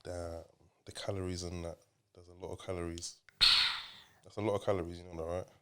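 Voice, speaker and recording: A man's voice: low-pitched, flat delivery, brisk, a little mellow. A man hosting a casual podcast as a father, teasing and rambling, often repeating his questions.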